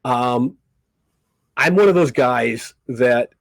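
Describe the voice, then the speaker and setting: A man's voice: mid-range voice, slow pace, gravelly, no echo, rough recording. An older man, a comedy magician guest on a podcast, telling stories casually and acting out the people in them. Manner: animated raconteur who acts out quoted people. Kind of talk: casual storytelling interview.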